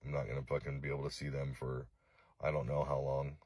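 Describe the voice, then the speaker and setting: A distraught man from Los Angeles making a halting, profane, remorseful apology video, full of fillers. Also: extremely low pitch, monotone, a little mellow, no room sound. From East Los Angeles.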